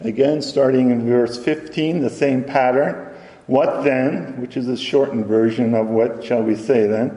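A man preaches at a slow, deliberate pace, reading scripture aloud and sometimes stumbling and correcting himself. His voice is mellow and dark. The recording is roomy, with a long reverb trailing behind his words. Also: medium pitch. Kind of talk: sermon. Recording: echoey hall with long reverb.

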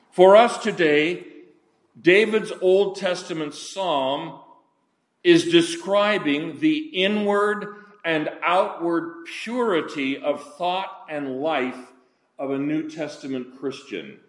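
Slow, deliberate older male preacher. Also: a little high, echoey room. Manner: deliberate, slowing and dropping for emphasis. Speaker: pastor. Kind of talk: sermon.

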